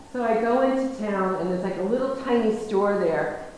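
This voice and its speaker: A woman's voice: medium pitch, fairly quick, darkish tone. Rambling American woman in an echoey hall. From United States. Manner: rambling, self-interrupting, many restarts. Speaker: guest lecturer. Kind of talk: personal storytelling lecture. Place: lecture hall. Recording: very echoey hall, faint noise.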